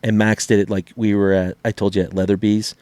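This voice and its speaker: Animated middle-aged man telling stories. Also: fairly low pitch, fairly quick, no echo. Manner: animated storyteller, acts out quotes, swears freely. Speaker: podcast co-host. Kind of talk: casual chat.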